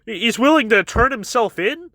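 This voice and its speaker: A man reading a naive, earnest young gentleman. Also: very high-pitched, animated, normal speed, no echo, studio quality, heavily acted. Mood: surprised.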